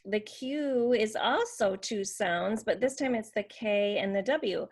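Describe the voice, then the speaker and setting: Slow-speaking woman teaching letter sounds. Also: medium pitch, slightly rough. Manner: demonstrates sounds slowly. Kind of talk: instructional explanation.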